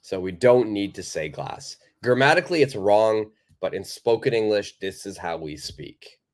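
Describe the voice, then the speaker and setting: Male English teacher, slightly low voice, energetic live-lesson delivery. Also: normal speed. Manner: lively, emphatic explaining, reads viewer comments aloud.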